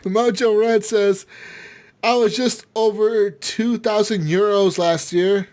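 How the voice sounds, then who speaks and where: A man hosts a casual gaming podcast, reading listener comments aloud and reacting with loud laughter and constant swearing. His voice sits a little high. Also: fairly even intonation, slow pace.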